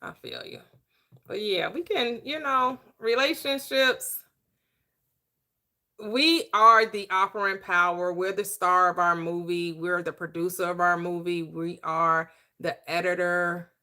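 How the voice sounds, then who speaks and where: Emphatic bright-voiced woman coaching. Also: on the low side, steady tone, unhurried. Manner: preachy, emphatic, repeats phrases for rhythm. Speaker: host, manifestation coach. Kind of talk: motivational talk show chat.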